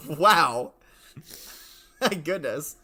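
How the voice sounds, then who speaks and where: Young male host in mock-professor role, lively bright delivery, flustered laughing banter. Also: fairly high pitch, very slow. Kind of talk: comedic podcast banter.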